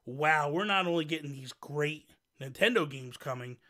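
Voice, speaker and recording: Hosting a relaxed livestream conversation, this man talks at a normal pace with a slightly high voice. His stories are lively and drawn out, often wandering off track.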